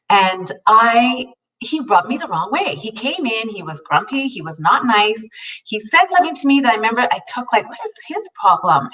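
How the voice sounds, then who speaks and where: A woman's voice: mid-range voice, pushed and bright. Earnest middle-aged woman telling a story. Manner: earnest, heartfelt, many restarts. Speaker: co-host. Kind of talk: personal storytelling in a talk show. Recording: voice a bit distant from the mic.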